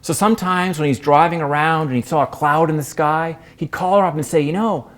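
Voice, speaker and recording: A man performing a staged storytelling monologue as a performance artist, expressive, with wide swings in pitch and pace. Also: fairly quick. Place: performance space.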